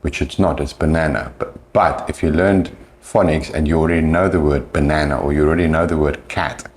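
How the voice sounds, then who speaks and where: A man, an English teacher, explaining pronunciation patiently and slowing down to demonstrate sounds. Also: rumbling low, fairly even intonation.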